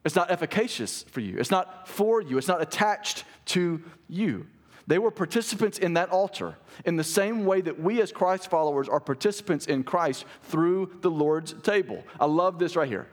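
A middle-aged male pastor preaching a sermon, emphatic, swinging from raised, urgent lines to hushed, slow ones. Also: a little high.

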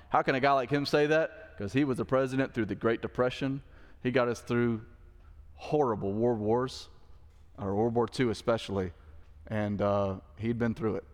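A man's voice: fairly low pitch, fairly even intonation, brisk, big-room sound. A male pastor giving a sermon in an emphatic way, often asking the listeners rhetorical questions.

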